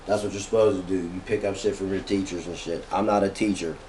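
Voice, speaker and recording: A man with a lowish voice gives a casual motivational rant to his viewers. He talks in loose, profane slang and stretches certain words out slowly for weight. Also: steady tone, darkish tone, a little hiss or hum. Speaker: motivational vlogger.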